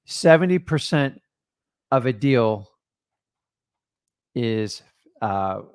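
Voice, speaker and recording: A man's voice: mid-range voice, lively intonation, very slow, darkish tone, clean tone. Middle-aged guy giving straight real estate tips to viewers, ordinary voice, earnest. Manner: earnest, advice-giving, addresses viewers as guys. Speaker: co-host, real estate investor. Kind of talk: casual coaching chat.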